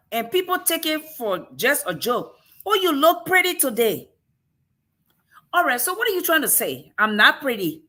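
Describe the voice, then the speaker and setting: Bright-voiced African-accented woman. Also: medium pitch. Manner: emphatic, with pointed rhetorical questions. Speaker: talk show host. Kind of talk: casual talk-show discussion.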